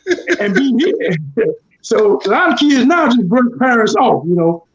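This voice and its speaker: A man's voice: very high-pitched, very animated, unhurried. A man in a casual chat, talking earnestly and repeating his points for emphasis. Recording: dull lo-fi sound.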